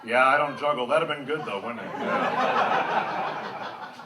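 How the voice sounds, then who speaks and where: A man's voice: mid-range voice, slow pace, background noise. An American man doing a stand-up comedy set, wry and self-mocking, chatting with the crowd at a live venue. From United States. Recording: echoey venue, mic at a distance.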